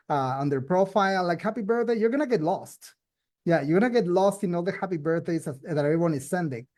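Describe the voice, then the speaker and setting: A man's voice: a little high, a little mellow. A man sharing social media tips in a casual online talk, chatty and full of "you know" and "I mean". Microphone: video call.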